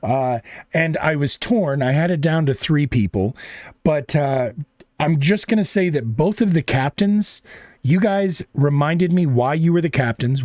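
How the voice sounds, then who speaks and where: A man's voice: medium pitch, a little mellow, dry recording, clean studio sound. A man hosting an online debate, wrapping up the night in a rambling, casual way, swearing freely and praising the players. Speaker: debate moderator. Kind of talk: casual wrap-up chat.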